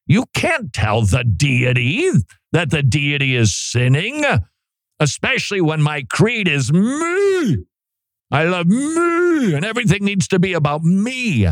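Animated, emphatic male pastor preaching. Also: medium pitch, no room sound. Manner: emphatic, stammers and repeats words when building a point. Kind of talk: expository sermon.

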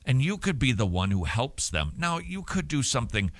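A man's voice: mid-range voice, normal speed, dry recording. A man hosting a Christian radio talk show, answering listener mail in a chatty, joking way, speaking into a studio microphone. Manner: chatty, joking, animated, puts on silly voices. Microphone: studio microphone with cover.

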